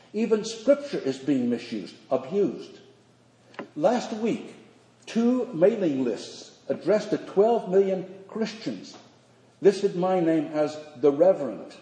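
An older man, a priest, preaching a sermon in measured, earnest phrases with slow emphatic pauses. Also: fairly high pitch, mellow. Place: church sanctuary. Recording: echoey church hall.

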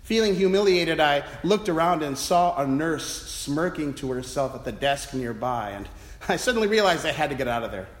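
Male priest, self-deprecating storyteller, a little high, echoey sanctuary. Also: lively intonation, normal speed. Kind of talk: sermon told as a personal story. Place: church. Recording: echoey church with long reverb.

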